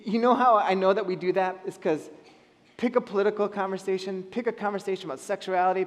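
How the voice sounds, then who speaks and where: Male pastor, higher pitch, lively sermon delivery, long hall reverb. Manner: animated, acts out voices of people in the story. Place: church hall.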